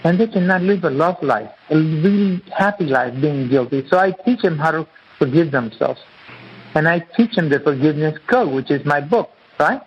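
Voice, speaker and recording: A man's voice: on the high side, expressive, normal speed, slight background noise. Earnest man explaining on a dull radio line. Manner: earnest, repetitive, teacherly. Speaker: guest author and acupuncturist. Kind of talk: interview, explaining his teaching.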